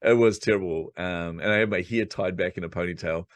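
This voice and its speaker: Fast-talking deep-voiced man telling stories. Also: no echo. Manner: lively storyteller who acts out his own inner voice. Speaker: podcast guest, coach and speaker. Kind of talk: storytelling in a podcast interview.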